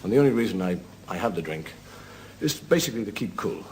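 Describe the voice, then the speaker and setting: A man with an Irish accent telling rambling drunk jokes as a seated stand-up comedian, slipping into squeaky character voices. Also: lively intonation, fast, darkish tone. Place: television studio with live audience. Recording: audience laughter, noisy broadcast recording.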